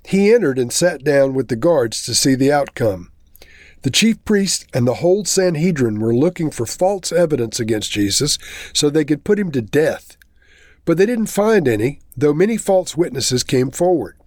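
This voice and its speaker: A man's voice: fairly high pitch, sing-song, normal speed, darkish tone, no echo, studio quality. A man reading a Bible chapter aloud and then explaining it in a plain teaching manner.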